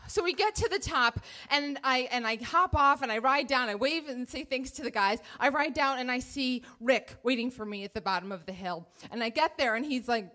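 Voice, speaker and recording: A woman in her thirties telling a true story on stage, animated, acting out her own panicked thoughts. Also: high-pitched, fairly quick, few pauses. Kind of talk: live first-person storytelling on stage. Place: theater stage before an audience.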